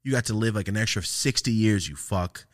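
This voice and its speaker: In a fairly low, brisk voice, a young man from California hosts a podcast and chats casually. His storytelling is animated, full of laughter and constant swearing.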